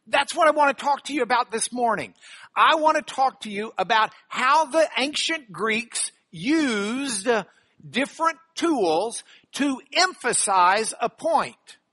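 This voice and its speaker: A middle-aged man teaching a Bible class in a lively lecture style, animated and jokey, with playful asides. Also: very high-pitched, slow pace.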